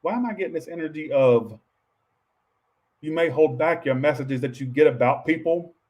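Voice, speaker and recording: A man with a slightly higher voice rambles through a tarot reading for his viewers. He talks offhandedly and swears often, breaking off to answer his chat. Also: normal speed, darkish tone. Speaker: tarot reader.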